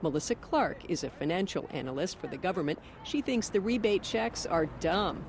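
A woman radio reporter delivering a scripted news story in a lively, storytelling way. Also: lowish voice, normal speed, background noise.

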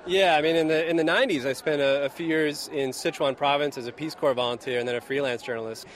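A man reporting for the radio from outdoors at a busy expo, describing the scene in a relaxed way with fillers. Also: fairly high pitch, fast talker, slight background noise. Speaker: reporter, bureau chief.

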